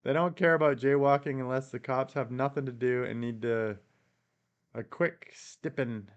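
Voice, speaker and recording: A man's voice: mid-range voice, fairly even intonation, moderate pace, dull audio. A man with a Canadian accent hosting a casual live stream, reading viewer comments aloud and answering them with frequent chuckles.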